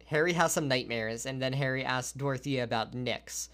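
Male co-host, mid-pitched, eager casual film recap. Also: moderate pace, noisy background. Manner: enthusiastic plot recap. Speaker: podcast co-host. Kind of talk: casual movie-review chat.

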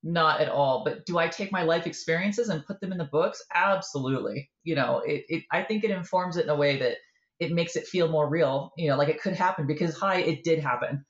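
A woman author in a casual interview, telling a lively story and acting out the voices in it. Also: sits low, a little fast, reverberant, lo-fi sound. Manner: animated storyteller, acts out quoted voices. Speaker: author guest.

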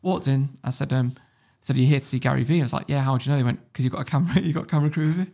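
A man's voice: mid-range voice, racing, creaky, mellow. A man telling a story as a podcast guest, blunt and swearing freely, laughing as he goes. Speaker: guest entrepreneur. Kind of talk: casual storytelling.

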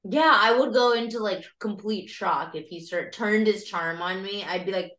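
A woman's voice: mid-range voice, normal speed, a bit bright, echoey room. A woman co-hosting a podcast, chatting in a gushing, giggly way. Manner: giggly, gushing, breaks into impressions. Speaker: podcast co-host. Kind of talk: casual chat.

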